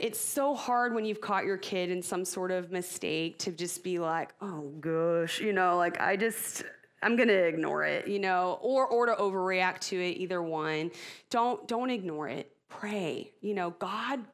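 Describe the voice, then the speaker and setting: A middle-aged woman giving an expressive, casual talk to church parents, chatty and laughing at herself. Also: medium pitch, normal speed.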